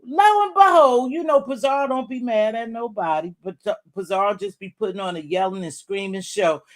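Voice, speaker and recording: A middle-aged woman hosting a casual livestream, chatting with viewers and giving gossip commentary, her voice jumping high when she gets worked up. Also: brisk. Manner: animated, jumps high when worked up, reads out and greets chat viewers. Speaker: livestream host.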